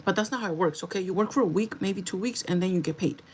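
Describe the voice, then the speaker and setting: A young woman livestreaming, telling a story to her viewers in a chatty, animated way, swearing freely and slipping into Spanish. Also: mid-range voice, quick pace, slight background noise, poor audio. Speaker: livestream host.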